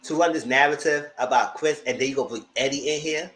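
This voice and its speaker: A man giving blunt, profane live commentary on reality TV episodes, acting out cast members' lines in high voices. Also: fast, a bit bright, roomy sound, low-quality recording. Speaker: reality TV reviewer. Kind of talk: live casual recap commentary.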